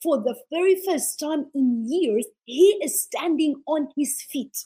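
A woman's voice: high voice, lively intonation, unhurried, dark tone, low-quality recording. A woman who founded a ministry, a guest telling a healing testimony in an interview with passionate, preacher-like delivery. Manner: passionate, preacher-like, acts out quotes.

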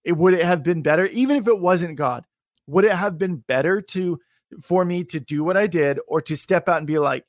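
A young man hosting a faith interview, talking in an energetic, encouraging, rambling way with many fillers. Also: high-pitched, moderate pace, no echo, clean studio sound. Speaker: podcast host. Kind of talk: animated faith interview chat.

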